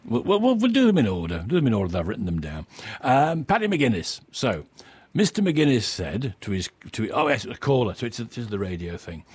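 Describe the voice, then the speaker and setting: A man's voice: medium pitch, sing-song, a little fast, husky, no echo. A man in his sixties presenting a casual radio show, rambling and chuckling at his own material. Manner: rambling, self-amused, chuckling often.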